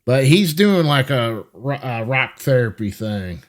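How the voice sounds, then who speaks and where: Male podcast host, medium pitch, halting and stumbling, video call. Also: big pitch swings. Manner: warm, halting, stumbles over his words. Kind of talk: casual interview on a video call.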